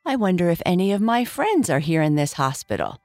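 Kindly, excitable toy rocking horse, raised bright voice, lively swings, read by a woman. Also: lowish voice, fairly quick, no echo, studio quality, faint music behind. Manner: warm, excitable, exclaiming.

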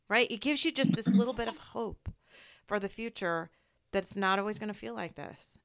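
A woman's voice: mid-range voice, steady tone, moderate pace. A woman who works in medicine, hosting a candid conversation about grief, telling stories with heartfelt feeling and acting out what others said. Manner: heartfelt, storytelling, acts out quoted voices. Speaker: medical provider.

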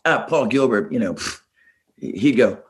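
In a relaxed interview, a middle-aged band singer-songwriter with a mid-range voice speaks at a measured pace. His stories wander and stay lively, peppered with jokes at his own expense.

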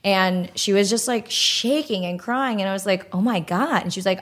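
A woman's voice: mid-range voice, moderate pace, hardly any pauses, fairly bright tone. American woman, candid and earnest. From United States. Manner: candid, earnest, heavy use of "like". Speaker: guest. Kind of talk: conversational podcast interview.

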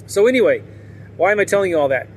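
A man chats candidly to his audience, wandering from point to point and chuckling often. His voice sits a bit high for a man. A faint hum of traffic and ambient noise runs under him. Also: very animated, very fast. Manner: rambling, candid, laughs often. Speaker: vlogger. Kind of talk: casual monologue to viewers.

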